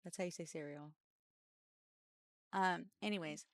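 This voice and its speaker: A woman streamer at home, chatting casually and telling stories that wander, with giggles breaking through. Her voice sits on the low side and sounds dry and close to the mic. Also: unhurried, no echo. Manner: rambling, giggly storytelling. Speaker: streamer co-host.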